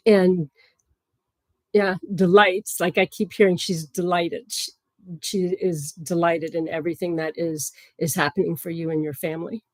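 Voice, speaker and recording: A woman giving psychic readings on a livestream in a gentle, chatty way, with many fillers and soft laughs. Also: fairly low pitch, fairly even intonation, a little slow, dry recording.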